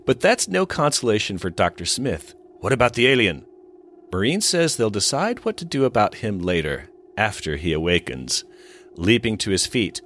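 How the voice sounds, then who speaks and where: Low-voiced man narrating a recap. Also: fairly bright tone, slight background noise. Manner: storyteller pacing, wry asides. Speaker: podcast co-host recapping an episode. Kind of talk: casual recap narration and chat.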